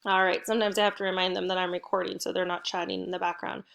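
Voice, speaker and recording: A middle-aged woman teaching a recorded home lesson to first graders, upbeat and encouraging, speaking slowly and clearly for children. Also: fairly low pitch, flat delivery, fairly bright tone.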